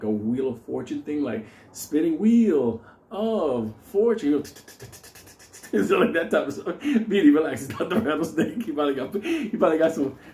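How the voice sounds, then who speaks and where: A man's voice: medium pitch, dark tone, echoey room. Profane, rambling middle-aged man telling a story. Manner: rambling, heavy swearing, laughs through the telling. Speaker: storyteller host.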